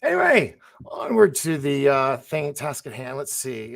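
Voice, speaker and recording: A man with a mid-range voice, big pitch swings, and vocal fry hosts a livestream at normal speed. Reading the chat, he talks in a loose, rambling way and laughs often.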